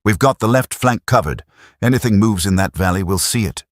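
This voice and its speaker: A man's voice: lowish voice, expressive, a little fast, dry recording, pitched above the performer's own voice. A man voicing a cheeky young British army private from Sheffield who teases in a dry, chatty way. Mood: joking. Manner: chatty, teasing, dry humor.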